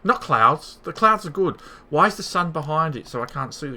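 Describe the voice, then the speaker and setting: Uk guy streaming a game, teasing his buddies, bouncy bright tone. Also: a little high, lively intonation, moderate pace, hardly any pauses, a little hiss or hum. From United Kingdom. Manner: teasing, ribbing friends. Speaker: streamer host. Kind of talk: casual banter over voice chat.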